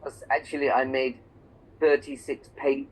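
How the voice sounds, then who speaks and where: A man's voice: medium pitch, level tone, a little slow, poor audio. A man from England teaching a one-on-one English lesson, explaining patiently with examples and checking that his student follows. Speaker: English tutor.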